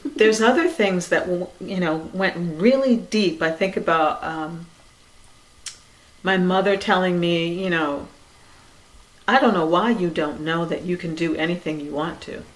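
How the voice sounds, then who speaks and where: A woman giving a reflective spiritual talk in a conversational way, with many "you know"s, soft laughs, and quiet trailing phrases. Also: on the low side, unhurried, low-quality recording. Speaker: dharma talk speaker.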